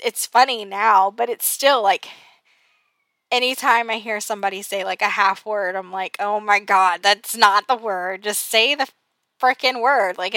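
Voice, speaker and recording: A woman's voice: fairly high pitch, bright, forceful tone, no room sound. A woman, chatting casually on her podcast, exasperated and laughing at herself, with lots of fillers. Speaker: podcast host. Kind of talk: casual personal podcast talk.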